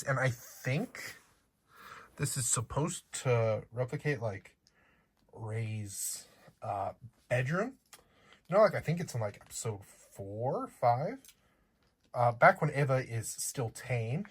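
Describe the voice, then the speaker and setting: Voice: medium pitch, a bit bright, breathy edge. A chatty unboxing vlogger with a slight accent who talks playfully to viewers and cracks jokes along the way. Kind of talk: casual unboxing chat.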